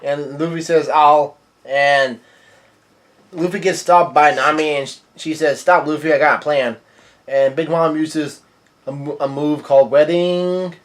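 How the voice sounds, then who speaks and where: A man's voice: fairly high pitch, steady tone, measured pace. Rambling man recapping a manga chapter. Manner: rambling, many "uh" fillers and restarts. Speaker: manga reviewer. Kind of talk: casual manga page-by-page recap.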